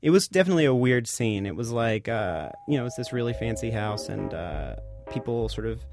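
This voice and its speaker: A man with a mid-range voice recounts a personal story, stalling on ums and likes. He grows more excited as he acts out what others said. Faint music sits in the background. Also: mid-range voice, a little fast. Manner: hesitant, filler-heavy, animated when retelling. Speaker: guest reporter. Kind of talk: casual storytelling.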